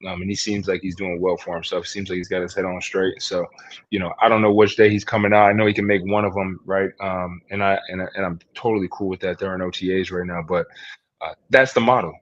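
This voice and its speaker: A man with a fairly low voice tells his stories in a loose, conversational way as a podcast guest, leaning on "man" and "you know" between thoughts. The recording sounds dull and lo-fi. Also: flat delivery, fast. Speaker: guest, former player working with team alumni.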